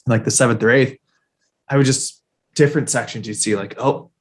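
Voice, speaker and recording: A man's voice: mid-range voice, fairly even intonation, fairly quick, slightly rough. A man co-hosting a sports podcast in loose, rambling casual chat, with lots of fillers and casual swearing. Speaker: podcast co-host.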